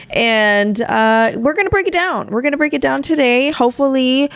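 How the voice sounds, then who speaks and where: A woman's voice: high-pitched, moderate pace, dry recording. A woman hosting her own podcast, talking to listeners in a candid, rambling way and swearing freely. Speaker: podcast host. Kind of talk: casual solo chat.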